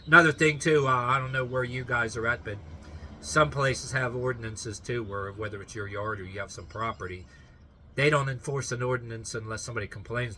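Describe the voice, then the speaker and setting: A man rambles through a story in a bright, forceful voice, circling back and stopping himself mid-thought. He keeps breaking off to fight down a laugh, with a faint hiss of background noise under him. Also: on the low side. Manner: rambling, full of fillers and restarts, stifling laughter. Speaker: vlogger telling a story.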